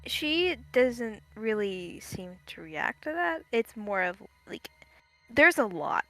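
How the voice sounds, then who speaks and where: A young woman narrating a tabletop game as game master, halting with many fillers. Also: fairly high pitch, big pitch swings, pushed and bright, soft background music.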